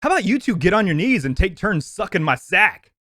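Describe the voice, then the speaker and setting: A man's voice: high voice, big pitch swings, a little fast, pushed and bright, no room sound, pitched above the performer's own voice, exaggerated voice. A man reading out a crude male mercenary's line in his own voice, with no accent. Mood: taunting. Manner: lewd taunting line read without an accent. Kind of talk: quoting a film line on a podcast.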